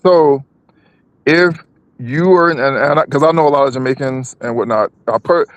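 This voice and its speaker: A man's voice: medium pitch, normal speed, no echo. A man co-hosting a live stream, talking politics casually, with many restarts and repeated words.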